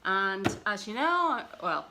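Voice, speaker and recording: A woman's voice: mid-range voice, sing-song, slow pace, noisy background. A woman talking casually to camera about her books, rambling and self-deprecating with plenty of fillers. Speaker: book vlogger.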